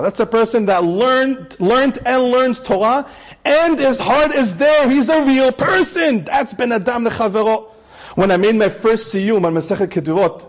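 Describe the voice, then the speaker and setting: A man's voice: on the high side, husky. A man telling an inspirational story, emphatic and repeating key phrases, with Hebrew terms mixed in. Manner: sprinkles Hebrew and Yiddish terms.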